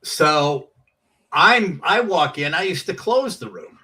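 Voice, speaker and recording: A comedian telling animated stories from his years on the comedy circuit, acting out the voices of people in them. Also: on the high side, takes it slowly, distant mic, low-quality recording. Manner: animated storyteller, acts out quoted voices. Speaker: comedian guest. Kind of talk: casual storytelling.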